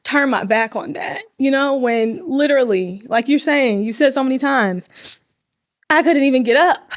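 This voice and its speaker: A woman's voice: sits high, normal speed. A young adult woman hosting a casual faith podcast, effusive and emotional, sometimes dropping to a whisper. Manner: emotional, effusive, drops to whispers when moved. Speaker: podcast host.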